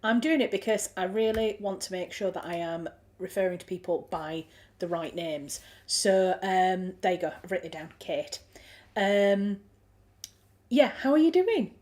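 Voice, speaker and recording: A woman with a Yorkshire accent hosts a relaxed livestream, chatting to viewers in an easy, friendly way. She thinks aloud, restarting sentences and filling gaps with ums. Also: mid-range voice, moderate pace. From Yorkshire, England. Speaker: livestream host. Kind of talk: casual chat reading viewer comments.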